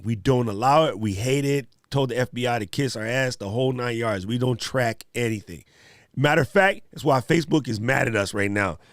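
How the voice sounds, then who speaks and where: A man with a mid-range voice hosts a live-stream Q&A, recorded in studio quality with no echo. He chats casually and animatedly in slang, speaking directly to the viewers in chat.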